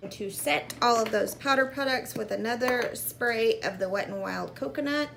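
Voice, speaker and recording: Chatty woman with a gravelly voice. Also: on the high side, normal speed, fairly bright tone, slight background noise. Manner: chatty, upbeat product commentary. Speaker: beauty vlogger. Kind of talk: casual makeup tutorial.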